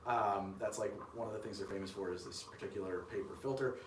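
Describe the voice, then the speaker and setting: A man's voice: on the low side, steady tone, fast talker, roomy sound, distant mic, slight background noise. A man hosting a cocktail show, chatting casually on a live stream as he makes a drink, with rambling, self-deprecating asides.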